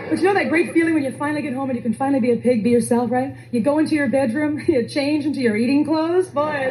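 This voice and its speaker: Lady comic on stage, super high voice, crowd laughing along, hums spooky music noises. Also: poor audio. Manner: animated storytelling, vocal sound effects and impressions. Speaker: stand-up comedian. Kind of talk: live stand-up set. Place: comedy stage with a live audience. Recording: live club recording with crowd. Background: audience laughter.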